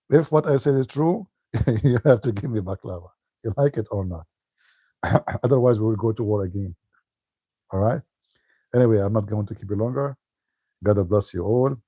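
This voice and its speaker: A man's voice: lowish voice, normal speed, gravelly, pauses often, mellow, husky, no room sound. A man giving a casual livestream talk as an online commentator, joking and laughing often.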